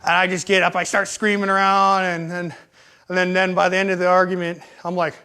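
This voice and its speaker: A man's voice: high voice, flat delivery, brisk, pushed and bright, smooth. A young man telling profane, rambling, self-mocking stories in casual talk. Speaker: storyteller. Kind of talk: casual storytelling. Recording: live stream.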